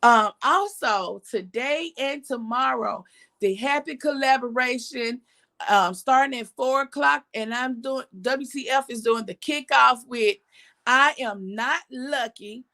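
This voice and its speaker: Woman, host, hoarse morning voice, gravelly, pitched a little high, chatty. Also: unhurried. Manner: chatty, animated, reads out comments. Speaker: podcast host. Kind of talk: casual talk show chat.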